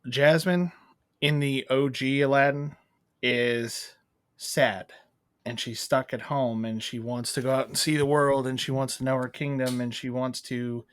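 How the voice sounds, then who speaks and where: A man in a casual movie review chat, rambling and animated, acting out bits of scenes as he goes. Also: mid-range voice, no echo, clean studio sound. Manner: rambling, animated, acts out quotes. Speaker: podcast co-host.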